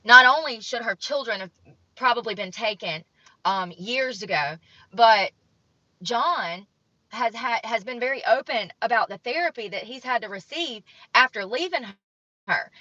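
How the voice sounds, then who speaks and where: A young woman vlogger reads from an article and weighs in bluntly with judgmental commentary. Her voice sits a little high and sounds bright and forceful. The recording is dull and lo-fi, in a dry room with no echo. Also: animated, a little slow. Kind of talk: opinionated commentary, reading from an article.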